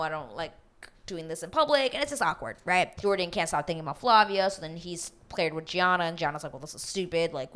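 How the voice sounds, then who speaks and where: A woman hosting a reality TV recap, chatting casually in a gossipy, animated way, swearing freely and acting out what the cast members said. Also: lowish voice. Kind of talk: casual chat.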